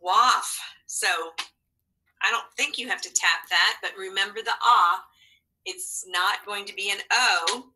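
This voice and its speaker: A woman's voice: medium pitch, measured pace, pushed and bright, husky, low-quality recording. A woman teaching a phonics and spelling lesson to young children, encouraging and patient with sing-song prompts.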